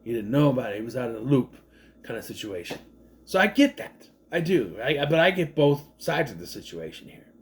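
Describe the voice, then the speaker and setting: A man's voice: mid-range voice, sing-song, a little fast, slight background noise. A man in his thirties, a father, casually recapping a movie in a chatty, rambling way, acting out the characters' lines. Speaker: movie reviewer.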